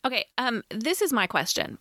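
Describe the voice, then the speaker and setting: A woman's voice: fairly high pitch, sing-song, moderate pace, pushed and bright, dry recording, studio quality. A woman co-hosting a podcast in casual chat, wry and conversational, often laughing mid-sentence. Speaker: podcast co-host reviewing a TV movie.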